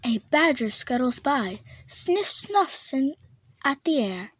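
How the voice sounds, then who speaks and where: A woman reading a children's storybook aloud, slow and expressive, drawing out the refrains. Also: high voice, slightly rough.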